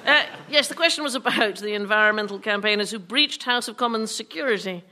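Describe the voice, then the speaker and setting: A woman's voice: medium pitch, fast talker, sharp tone. A woman hosting a radio comedy panel quiz, wry and often laughing as she speaks. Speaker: quiz show host. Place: radio studio before a live audience. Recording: studio audience laughter and noise.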